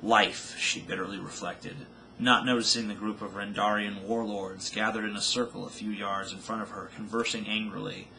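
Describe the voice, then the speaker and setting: A man's voice: fairly low pitch, level tone, normal speed, creaky, sharp tone, a little hiss or hum, low-quality recording. A man reading his own novel aloud with dramatic storytelling narration.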